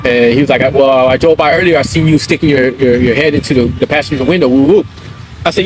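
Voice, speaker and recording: Fast-talking man telling a street story. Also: mid-range voice, a little hiss or hum, poor audio. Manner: street slang, keeps checking in with "right?" and "you feel me?". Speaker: live streamer. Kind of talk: casual storytelling.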